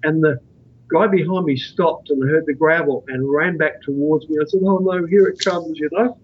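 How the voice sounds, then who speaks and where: Man, guest author, husky voice, high pitch, rambling earnest storyteller. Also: normal speed. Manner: rambling, earnest anecdote telling. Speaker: guest, author on out-of-body experiences. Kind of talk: storytelling in a podcast interview. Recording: dull lo-fi recording.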